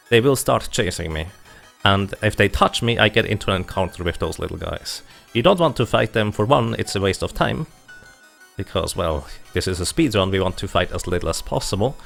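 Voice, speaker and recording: Gravelly low-voiced speedrunner explaining. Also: male voice. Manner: steady explanatory, light laughs. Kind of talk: live speedrun commentary.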